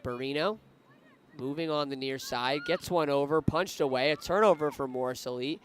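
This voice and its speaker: A man's voice: on the high side, moderate pace, slight background noise. A man giving live play-by-play commentary on a women's soccer match, lifting his voice when attacks build. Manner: rising excitement on attacking plays.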